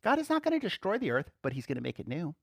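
A man preaching a relaxed, conversational sermon to a class. His voice sits a little high and sounds dry and close, with no room echo. He laughs often and swings between emphatic bursts and quiet asides. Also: very fast, vocal fry.

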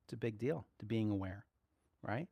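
A man preaching a sermon, swinging between soft, quiet asides and loud, excited exclaiming. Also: fairly low pitch, normal speed, gravelly, husky, no room sound, highs cut off.

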